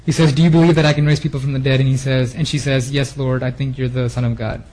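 A man's voice: medium pitch, level tone, fast talker, a little mellow, poor audio. A man giving a sermon, reading Bible verses and then explaining them in a casual, earnest way with fillers. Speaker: preacher. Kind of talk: sermon reading scripture with commentary.

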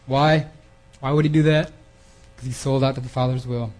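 A man's voice: mid-range voice, fairly even intonation, moderate pace, darkish tone, poor audio. A man preaching a sermon in an earnest way, often repeating words and restarting his phrases. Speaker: preacher giving a theme talk.

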